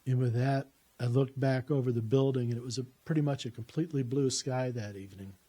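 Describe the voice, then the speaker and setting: A man's voice: mid-range voice, fairly quick, dark tone, breathy edge. A middle-aged man telling his own faith story in a plainspoken, earnest way, with casual swearing. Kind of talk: personal testimony, conversational storytelling.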